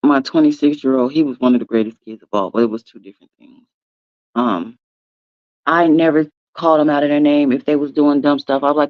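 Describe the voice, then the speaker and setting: Hosting a casual morning show, this woman speaks in a low voice and addresses her audience with real emphasis, drawing out her stresses and calling them "y'all" and "baby." Her talk is chatty throughout. The sound is dry, slightly dull and echo-free.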